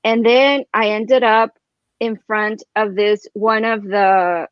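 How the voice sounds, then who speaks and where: A woman telling a personal story in casual chat as a guest, rambling and animated, filling her speech with "like" and "right?". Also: medium pitch, slow, smooth, dry recording, lo-fi sound.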